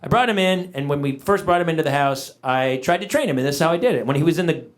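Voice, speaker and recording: A middle-aged male comedian telling an animated story on a live stage, shouting out the voices of himself and his dog. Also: on the high side, fast. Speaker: stand-up comedian. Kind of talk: stand-up comedy set. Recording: live stage recording with audience noise. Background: audience laughter.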